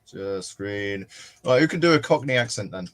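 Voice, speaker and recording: A man's voice: fairly low pitch, normal speed. A man from northern England chatting casually with friends over a video call, laughing often. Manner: laughs often, lively storytelling. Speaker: podcast co-host. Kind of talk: casual chat.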